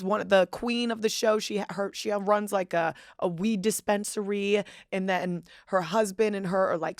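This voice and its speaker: A woman from Boston hosting a casual podcast, talking in a middle-pitched voice that keeps gushing and swearing. The sound is dry and close, with no room around it. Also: dry recording. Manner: chatty, swearing, excitable gushing. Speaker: podcast host. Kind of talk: casual chat.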